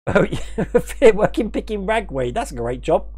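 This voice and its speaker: A man's voice: high voice, a little mellow, slightly rough. A British man hosting a casual livestream, rambling, chuckling often and thanking viewers by name. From United Kingdom. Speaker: livestream host.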